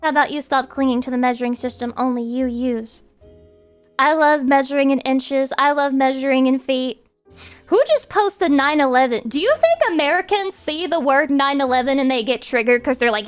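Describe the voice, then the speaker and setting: A woman's voice: sits high, normal speed, soft background music. A woman streamer chatting casually with her viewers in a profane, rambling rant.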